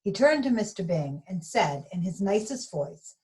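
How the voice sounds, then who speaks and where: A woman reading a children's bedtime story out loud. Her voice sits at a middle pitch, and her reading is gentle and expressive. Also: moderate pace, hardly any pauses, low-quality recording. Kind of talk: bedtime story read-aloud.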